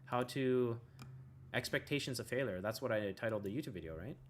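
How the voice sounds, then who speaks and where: A self-help video host gives a casual motivational talk, rambling along and checking in with "right?" after nearly every point. He's laid-back and now and then throws in a "bro" or a curse. His medium-pitched voice moves fairly quickly, with a little hiss or hum on the recording.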